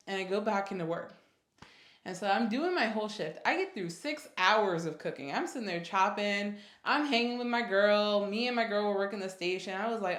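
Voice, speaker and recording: Young woman vlogger, casual animated storyteller, mid-range voice, echoey room. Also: medium pitch, a little fast. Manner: animated retelling, acts out quotes, many fillers. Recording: roomy echo.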